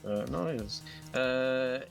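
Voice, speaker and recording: A man's voice: medium pitch, slow pace, gravelly, faint music behind. A man playing a tabletop game, talking hesitantly and sighing while in character.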